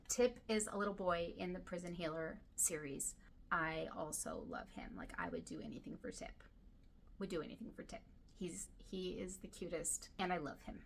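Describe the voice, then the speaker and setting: Bright-voiced chatty woman book vlogger. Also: lowish voice, a little hiss or hum. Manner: chatty and gushing, drops to soft whispers. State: dry irritated throat from smoke. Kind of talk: casual chat to camera.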